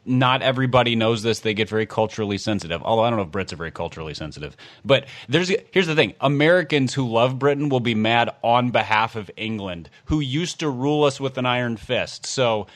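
A man's voice: medium pitch, expressive, fast, hardly any pauses. A man co-hosting a podcast in casual chat, making wry, teasing jokes. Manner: wry, joking, teasing asides. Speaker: podcast co-host.

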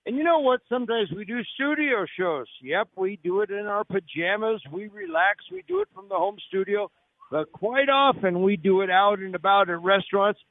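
A man's voice: high voice, very animated, normal speed. A man hosting a live radio show on location, talking up a restaurant with jokey, salesman-like patter. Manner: upbeat salesman-like delivery, jokey. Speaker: radio talk show host. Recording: narrow phone-like radio audio, dry.

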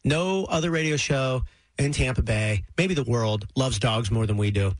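A man's voice: mid-range voice, moderate pace, no room sound. A man hosting a morning radio show, chatty and upbeat, laughing often from a studio microphone.

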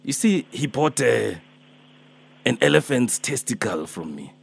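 A man's voice: mid-range voice, very animated, a little slow, vocal fry, slightly rough, full character voice. A man voicing a fussy, pleading elderly man who chases a debt in a prank phone call, rambling and hesitant. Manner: rambling, hesitant, calls her Mama and my darling.

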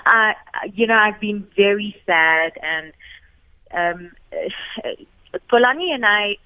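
A woman's voice: medium pitch, lively intonation, takes it slowly, no room sound. A South African woman, a former radio co-host, telling stories in a tribute chat and acting out the quotes she tells. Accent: South African English. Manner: warm storytelling, acts out quotes. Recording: tinny phone line, dry.

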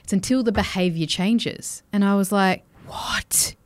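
Woman, 30s, podcast co-host; animated storyteller. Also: medium pitch, normal speed. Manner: animated storyteller, acts out quotes, swears. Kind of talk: casual chat.

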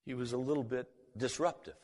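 A man's voice: medium pitch, fairly even intonation, a little fast, a little mellow. Man telling a testimony in a reverberant hall. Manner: acts out both sides of remembered conversations. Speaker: speaker giving a personal testimony. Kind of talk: spoken testimony storytelling.

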